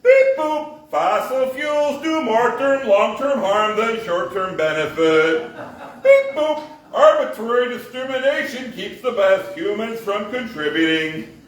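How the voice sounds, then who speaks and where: A man voicing a logical robot that rules kindly, speaking in clipped announcements that open with a high beep boop. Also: lively intonation, slow pace, full character voice. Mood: deadpan. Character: logical, helpful robot ruler, beeping. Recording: echoey room, mic at a distance.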